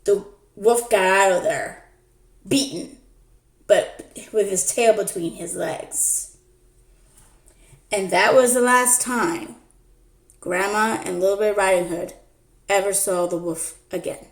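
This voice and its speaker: A woman tells a story in a playful, unhurried way, taking her time over every line. Her voice rings around an echoey room. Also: medium pitch. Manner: slow, playful narration. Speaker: storyteller and channel host. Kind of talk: casual storytelling.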